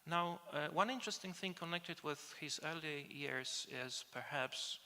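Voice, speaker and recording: A man delivers an academic conference lecture, his voice gravelly and bright-edged. He speaks hesitantly, filling pauses and restarting phrases. The sound rings with the long reverb of a conference hall. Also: fairly high pitch. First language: Polish.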